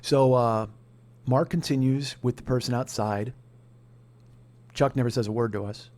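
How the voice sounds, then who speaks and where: A man's voice: medium pitch, fairly even intonation, normal speed, a little mellow. A man hosting a podcast, telling a comedic story in a profane, heated rant. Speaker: podcast host.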